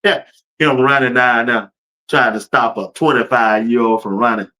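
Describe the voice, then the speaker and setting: Talking straight to his viewers and chat, this man hosts a casual sports commentary livestream, loose and colloquial with frequent laughter. He has a mid-range voice with fairly even intonation, a moderate pace and a sharp tone.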